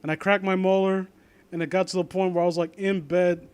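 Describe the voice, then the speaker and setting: A man's voice: high-pitched, level tone, a little fast, clear, resonant tone. A young man reading fan fiction aloud and breaking off into rambling, sarcastic commentary. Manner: rambling, sarcastic asides, trails off.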